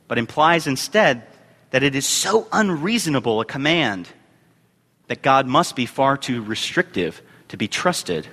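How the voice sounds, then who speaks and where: A man preaching a sermon as a youth and family minister, reading scripture in measured phrases with emphatic rises. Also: medium pitch, bright, forceful tone. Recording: long hall reverb.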